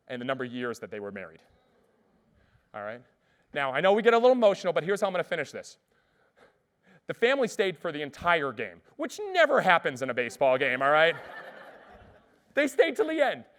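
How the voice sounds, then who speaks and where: A man giving an energetic motivational keynote on stage, telling stories and checking in with the audience. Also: on the high side, brisk, pauses often. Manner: energetic storytelling, often asks "all right?". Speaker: keynote speaker. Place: conference stage before an audience.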